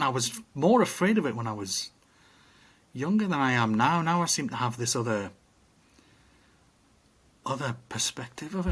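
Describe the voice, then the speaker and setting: A man's voice: mid-range voice, fairly bright tone, husky. A middle-aged man co-hosting a casual podcast, reflective and rambling with restarts. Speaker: podcast co-host. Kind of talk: casual chat.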